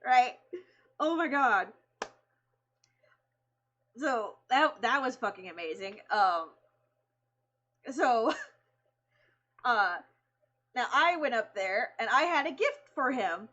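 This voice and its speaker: A woman streamer excitedly telling a story in casual chat, laughing, swearing and acting out the people she quotes. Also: a little high, slow pace, pauses often, dull audio.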